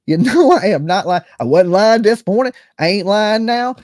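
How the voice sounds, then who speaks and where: A man's voice: high voice, lively intonation, normal speed, darkish tone, no echo, studio quality. A man, just woken up, ranting casually as a livestream host, rambling and repeating "okay" and "you know what I'm saying".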